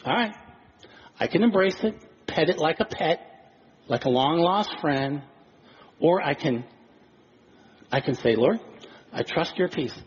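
A male pastor preaching a sermon, animated and acting out little scenes of dialogue. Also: fairly high pitch, a little slow, pauses often. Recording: dull lo-fi recording with faint noise.

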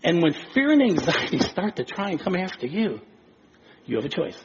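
Animated high-pitched male preacher. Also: moderate pace. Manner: animated, acts out dialogue. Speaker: pastor. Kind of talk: sermon. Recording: dull lo-fi recording with faint noise.

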